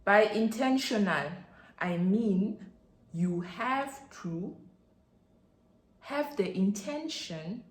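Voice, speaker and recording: A woman with a Nigerian accent giving an excitable, chatty faith talk as a podcast host, addressing her listeners directly. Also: lowish voice, reverberant.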